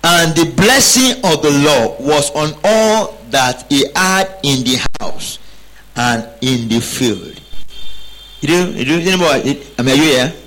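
A man's voice: a little high, expressive, measured pace, fairly bright tone, rough recording. Male preacher, emphatic. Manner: emphatic preaching with call-and-response prompts. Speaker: pastor. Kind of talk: sermon.

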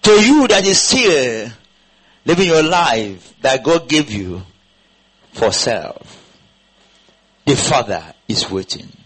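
A man's voice: mid-range voice, big pitch swings, takes it slowly, long pauses, fairly bright tone, slightly rough, low-quality recording. A man preaching a sermon to a congregation, firing rhetorical questions and having them repeat his words back. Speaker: pastor. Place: church congregation.

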